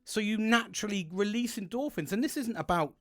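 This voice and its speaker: A man's voice: sits high, fairly quick, fairly bright tone. A man talking through a rambling, swear-filled monologue to camera on a plug-in mic. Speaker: self-help vlogger.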